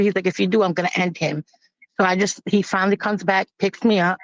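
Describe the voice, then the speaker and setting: A woman giving a personal testimony in a plain-spoken, halting, grave way. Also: mid-range voice, steady tone, no echo. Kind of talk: personal testimony, casual storytelling. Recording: dull lo-fi, dry.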